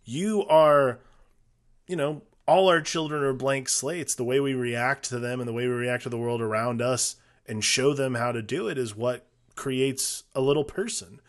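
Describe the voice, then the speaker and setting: A man's voice: mid-range voice, normal speed. A man co-hosting a film podcast, talking casually and working through his thoughts with restarts. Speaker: podcast co-host.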